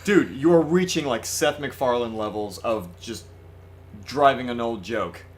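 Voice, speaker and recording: A man's voice: mid-range voice, measured pace, slight background noise. A man co-hosting a let's play, casually chatting, exasperated and prone to swearing. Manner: excitable, exasperated, swears and reads dialogue aloud. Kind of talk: casual gameplay commentary.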